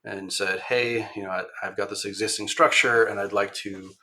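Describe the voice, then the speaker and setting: A man talking as a podcast guest in casual storytelling style, rambling with many ums and restarts and turning animated when he quotes other people. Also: fairly low pitch, normal speed. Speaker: podcast guest, machine shop owner.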